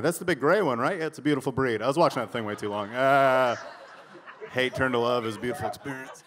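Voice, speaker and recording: A man's voice: mid-range voice, fairly quick, big-room sound, noisy background. A young man doing a stand-up comedy set on a club stage, telling stories in a brash, profane way into a handheld mic. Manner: brash, profane, animated storytelling.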